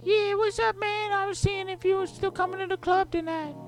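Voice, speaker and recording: A man's voice: extremely high pitch, fairly even intonation, fairly quick, soft background music, pitched above the performer's own voice. A man voicing a brash young male party rapper on a prank phone call, swaggering and over-familiar.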